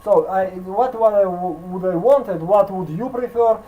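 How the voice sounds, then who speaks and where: A man with a Russian accent teaching piano in a video call, speaking halting English mixed with Russian fillers and scatting melodies. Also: high-pitched, narrow, tinny audio. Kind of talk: online piano lesson.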